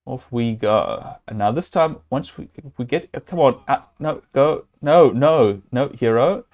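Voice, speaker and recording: A man's voice: mid-range voice, animated, normal speed, a little mellow. A man streaming a live game, thinking aloud and talking to his viewers and his character, with many fillers and restarts. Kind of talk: live gameplay commentary.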